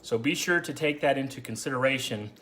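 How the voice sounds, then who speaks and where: A man's voice: mid-range voice, brisk, fairly bright tone. A man hosting a casual cooking video, chatting through each step for the viewer. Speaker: cooking show host. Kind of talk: casual how-to cooking narration.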